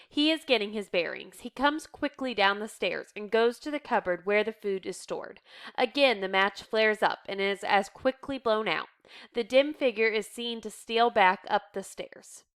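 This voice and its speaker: A woman reading the stage directions of a play aloud in a steady, measured way. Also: mid-range voice, clear, resonant tone. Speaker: reader.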